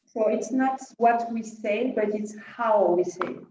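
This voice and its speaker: A woman's voice: fairly high pitch, slow pace, dark tone, a little hiss or hum. A woman co-host speaking casually and thoughtfully, summing up the other speaker's point. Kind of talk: casual talk. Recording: distant, roomy, dull sound.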